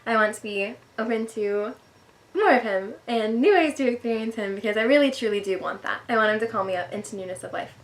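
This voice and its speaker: Fast-talking earnest young woman. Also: on the high side, expressive. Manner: chatty, earnest, self-deprecating, full of "like" fillers. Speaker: faith vlogger. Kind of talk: casual devotional talk to camera.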